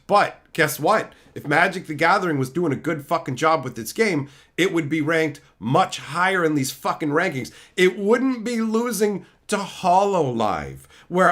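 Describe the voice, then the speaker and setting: A man streaming live, answering chat in a crude, combative rant and breaking into mocking shouts. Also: fairly high pitch, animated, moderate pace. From Canada.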